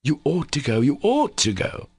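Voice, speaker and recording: A man's voice: lowish voice, lively intonation, moderate pace, vocal fry, a little mellow, breathy edge, no room sound, full character voice. A man voicing an earnest young man in an audiobook, who speaks with urgent emphasis. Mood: insistent. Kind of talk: audiobook character voice.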